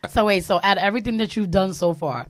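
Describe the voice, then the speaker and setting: A woman's voice: medium pitch, fast talker, very noisy. Giggly female co-host. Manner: giggly, exclamatory reactions. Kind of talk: casual interview chat.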